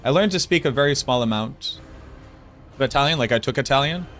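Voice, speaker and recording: Faint music plays behind a Boston game streamer whose medium-pitched voice is fairly quick and fairly bright. With his Boston accent, he playfully and casually talks with viewers on his livestream and responds to their messages.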